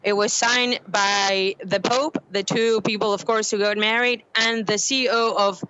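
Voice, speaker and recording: Brief: bright, crisp woman journalist reporting by phone, muffled lo-fi line. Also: medium pitch, steady tone, unhurried, no room sound.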